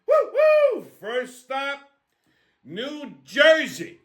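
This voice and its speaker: A man's voice: high-pitched, fairly bright tone. A man hosting a comedic rant, profane, brash and sarcastic. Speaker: host.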